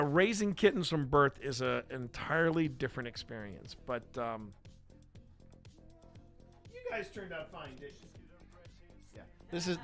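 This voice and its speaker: A man's voice: on the high side, fairly bright tone. A man hosting a live stream in a casual, rambling, playful way, chatting to his viewers and to his cats. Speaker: host.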